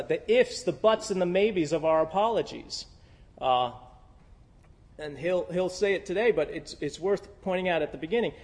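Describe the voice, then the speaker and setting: A man preaching a sermon as a pastor, in a conversational, candid style with frequent fillers. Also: high voice. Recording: long hall reverb.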